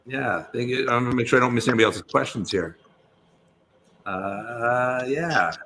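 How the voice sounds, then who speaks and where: A man's voice: mid-range voice, normal speed, bright, forceful tone, slight background noise. A man, a guest actor on a podcast, chatting casually and telling long stories full of restarts. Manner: rambling storyteller, many restarts. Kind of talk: casual interview chat.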